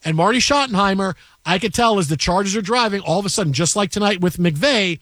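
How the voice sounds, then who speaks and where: High-voiced excitable sports radio host. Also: male voice, fast talker, no room sound. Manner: excitable, acts out voices in anecdotes. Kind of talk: animated storytelling on sports radio. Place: radio studio. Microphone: studio microphone.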